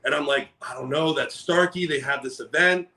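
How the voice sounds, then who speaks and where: Animated rambling man, fairly high voice. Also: normal speed, low-quality recording. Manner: animated, rambling, self-interrupting. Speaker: podcast co-host. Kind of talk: casual chat.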